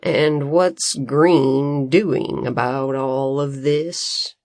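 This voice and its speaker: A woman voicing a wiry, self-assured male farmer in a storybook reading, speaking calmly and slowly. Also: very deep voice, no echo, clean studio sound, exaggerated voice. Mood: steady.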